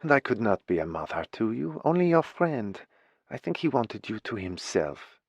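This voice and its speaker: A man's voice: fairly low pitch, very animated, normal speed, husky, no echo, muffled recording, heavily acted. A male narrator voicing a woman with a heavy foreign accent, speaking emphatically and disapprovingly. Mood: indignant. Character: Juliet, woman with heavy accent, warm, outspoken.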